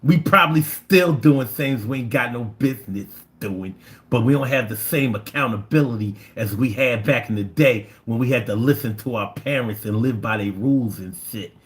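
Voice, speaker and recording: A man in his fifties with a Philadelphia accent hosts a casual livestream, reading the chat and telling stories. His voice sits at medium pitch and normal speed, and his storytelling is animated, full of profanity and slang.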